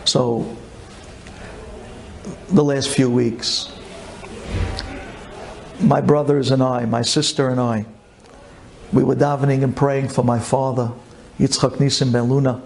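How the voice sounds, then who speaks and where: A rabbi giving an impassioned storytelling sermon, fervent and pleading, repeating phrases and swinging from low calm to high emotional cries. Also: male voice, gravelly, a little hiss or hum. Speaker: rabbi telling an inspirational story.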